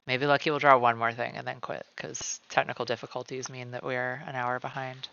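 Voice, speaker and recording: In a relaxed drawing stream from his home, where a cat hangs around, a man rambles on with lots of "like" and talks about himself in the third person by name. His mid-range voice stays fairly flat in pitch, moves a little fast, and sounds gravelly, pushed and bright. The sound is lo-fi, with slight hiss or hum.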